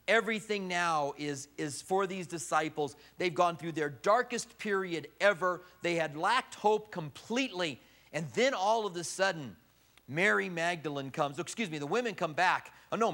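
A middle-aged male pastor preaching a sermon, telling the story with big swings from loud, high emphasis to quiet, low delivery.

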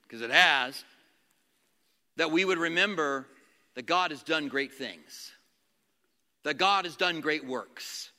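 A man preaching a sermon as a pastor, animated, acting out quotes and asking the congregation questions. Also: a little high, big-room sound.

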